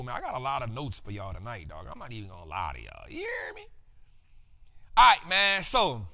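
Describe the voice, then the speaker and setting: A man's voice: a little high, creaky, sharp tone. A man hosting a live finance stream, talking casually in slang and calling out to his viewers in the chat. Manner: hyped, slangy, calls out to viewers. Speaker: host of a finance livestream. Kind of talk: casual livestream talk with chat shout-outs.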